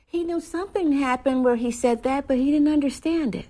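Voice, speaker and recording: A woman, an author and professor, telling an anecdote in a relaxed interview, animated, with small laughs and quick restarts. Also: sits high. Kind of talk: conversational storytelling interview.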